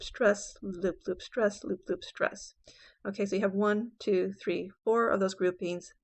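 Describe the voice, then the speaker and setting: Gravelly-voiced woman giving a lecture. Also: medium pitch. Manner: conversational teaching with frequent fillers and checks; reads verse aloud with dramatic emphasis. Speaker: English professor.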